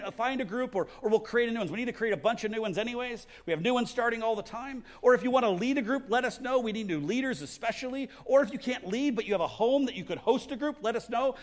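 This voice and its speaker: A man preaching a sermon as a pastor, earnest and exhorting, often repeating words as he goes, and leading a closing prayer. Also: very high voice. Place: church service.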